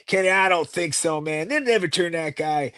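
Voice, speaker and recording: A man quoting a big, gruff, dismissive male wrestler, a little higher than his own voice. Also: moderate pace, fairly bright tone, dry recording, clean studio sound, natural voice.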